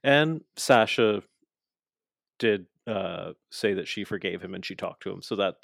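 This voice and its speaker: A man's voice: low-pitched, unhurried, gravelly, no echo, studio quality. A man casually recapping wrestling matches with a co-host, telling the action with enthusiasm and acting out the wrestlers' lines. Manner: frequent fillers and restarts.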